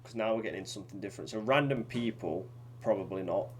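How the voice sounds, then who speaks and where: A man's voice: lowish voice, quick pace, a little hiss or hum. A man co-hosting a podcast, chatting casually and rambling with lots of fillers and restarts. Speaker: podcast co-host. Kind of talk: casual chat.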